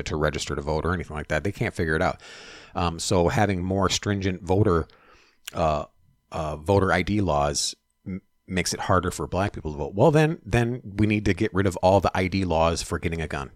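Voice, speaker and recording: A man's voice: sits low, no echo, studio quality. A man co-hosting a casual political chat, talking bluntly with profanity and frequent restarts.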